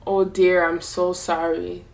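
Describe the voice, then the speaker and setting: A woman voicing her female doctor, halting and apologetic while breaking bad news. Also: lowish voice, little pitch movement, gravelly, voice pushed down, low-quality recording. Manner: halting, soft-spoken, apologetic.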